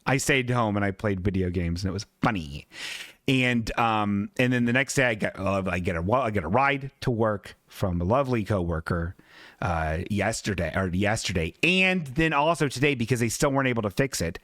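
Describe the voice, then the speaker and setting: A man's voice: fairly low pitch, lively intonation, normal speed, a bit bright, no echo, clean studio sound. A man hosting a comedy podcast, telling a rambling, profane, self-mocking story in a casual way. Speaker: podcast host.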